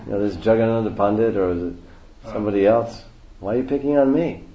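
A man's voice: on the low side, fast talker, dark tone, a little hiss or hum, natural voice. A man voicing an old male devotee who complains about his aching bones and pleads to be spared from dancing, in a roomy, dull recording. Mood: grumbling. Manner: pleading, self-mocking complaints.

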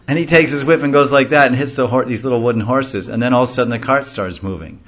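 A man's voice: on the low side, fast talker. A man giving a devotional lecture in a conversational, rambling storytelling way. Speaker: devotional class speaker. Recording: dull lo-fi recording.

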